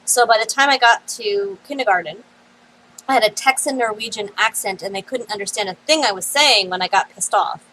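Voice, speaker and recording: An American woman streaming a game, chatting casually and telling stories with lots of little "um" pauses. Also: medium pitch, sharp tone, a little hiss or hum, low-quality recording. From United States. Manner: chatty storyteller, many "um" pauses.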